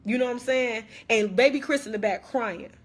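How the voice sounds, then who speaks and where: A woman's voice: lowish voice, unhurried, fairly bright tone. A young woman playing a dramatic ex-best friend who rambles through a slangy, repetitive rant on a phone livestream. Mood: heated, indignant. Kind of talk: comedic social media live rant.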